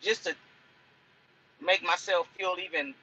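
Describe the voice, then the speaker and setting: A woman's voice: fairly low pitch, sing-song, a little slow, gravelly, bright, forceful tone, breathy edge, muffled recording. A woman truck driver chatting in a casual cooking vlog from inside her truck cab. She rambles and repeats herself as she talks.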